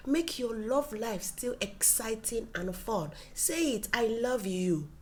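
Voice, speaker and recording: Animated woman giving warm-hearted relationship advice. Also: mid-range voice. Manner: animated, dips into soft whispers for emphasis; acts out quoted dialogue in playful voices. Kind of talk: casual advice talk to camera.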